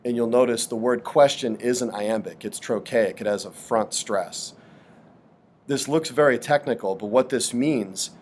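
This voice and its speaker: A man teaching a literature lesson in a thoughtful, hesitant way, with frequent pauses and fillers. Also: medium pitch, a little mellow, slight background noise. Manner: thoughtful, hesitant with many ums. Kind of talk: explanatory lesson.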